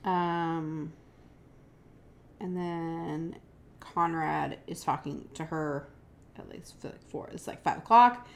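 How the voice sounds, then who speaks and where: Low, creaky and slow, with long pauses, this woman's voice belongs to a podcast co-host casually going over a true-crime case. She's chatty, leans heavily on "like" and "um," and quotes text messages using "she goes."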